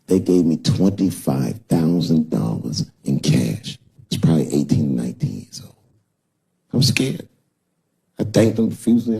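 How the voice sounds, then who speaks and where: A man's voice: on the low side, vocal fry, darkish tone, slightly rough. A middle-aged man performing a profane stand-up comedy set on stage, telling stories and acting out other people's voices. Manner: profane storytelling, acts out voices. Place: stage before a live audience. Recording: live show with audience noise.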